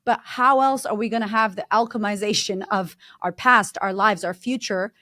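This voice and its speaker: A woman's voice: mid-range voice, normal speed, sharp tone, dry recording, studio quality. A woman guest in a casual interview, a confidence coach who talks bluntly and emphatically, swearing freely.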